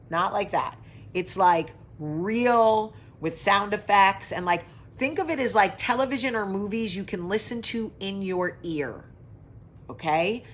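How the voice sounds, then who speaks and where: A woman hosts a loose, off-the-cuff talk show, rambling from one tangent to the next and answering her viewers' comments. She swears freely and keeps a mid-range voice. A faint low rumble sits behind her. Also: unhurried. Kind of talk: casual live chat to viewers.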